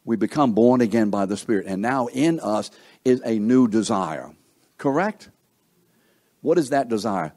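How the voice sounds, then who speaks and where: A man preaches in a loose, conversational sermon style with a slightly husky, breathy voice at an ordinary middle pitch. He keeps turning to his listeners with questions and acts out the inner thoughts of the people he describes. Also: big pitch swings, unhurried, dark tone.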